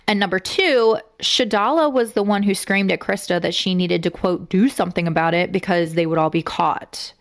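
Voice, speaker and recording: A woman's voice: medium pitch, normal speed, few pauses. Young woman, true-crime podcast co-host, blunt and profane, mid-range voice. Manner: blunt and profane, getting emotional.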